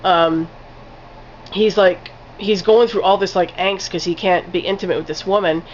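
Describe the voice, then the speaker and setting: A woman's voice: on the low side, fairly even intonation, normal speed, slight background noise. Woman film reviewer, casual vlog delivery, rambling and profane, muffled lo-fi recording. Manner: rambling, many "like" fillers, casual swearing.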